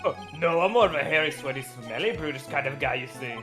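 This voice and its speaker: A woman's voice: sits low, expressive, fast talker, over music. A woman voicing a hairy, gossip-loving male TV actor, chatty and exclamatory, on a game stream. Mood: chummy.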